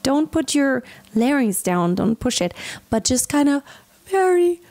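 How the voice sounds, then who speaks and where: A woman's voice: high voice, very animated, measured pace, darkish tone. A woman vocal coach giving a singing lesson, explaining technique step by step in an encouraging way. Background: faint backing track of the song.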